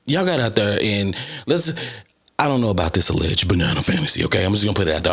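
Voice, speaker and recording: A man hosting a podcast in a casual monologue, animated and chatty, constantly repeating "listen" and "okay" between his points. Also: lowish voice, fast, creaky, slightly rough. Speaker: podcast host.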